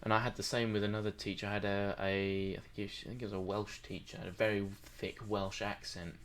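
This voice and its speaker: A man's voice: on the low side, level tone, fast, slight background noise. A tired man co-hosting a podcast, rambling and joking through a casual late-night chat. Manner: rambling, joking, laughs often. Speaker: podcast co-host.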